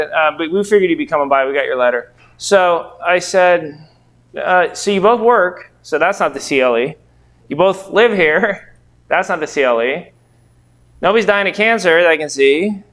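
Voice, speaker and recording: A man's voice: a little high, a bit bright. A middle-aged man, a real estate investor and trainer, telling rambling anecdotes full of quoted dialogue to a training group. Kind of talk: casual storytelling to a training group.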